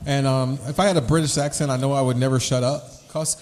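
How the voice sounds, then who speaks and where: A man's voice: medium pitch, steady tone, quick pace, darkish tone, slight background noise. A man co-hosting a casual podcast, rambling through his points and slipping into rhyming wordplay. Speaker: podcast co-host. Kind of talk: casual chat.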